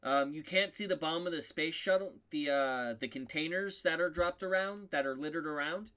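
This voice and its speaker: A man's voice: fairly high pitch, moderate pace, bright, forceful tone, smooth. A man narrating a tabletop role-playing game as game master, rambling with many ums and correcting himself.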